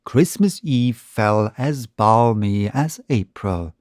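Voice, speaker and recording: A man narrating a short story in a measured, unhurried reading. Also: medium pitch, expressive, a little mellow, no echo, studio quality.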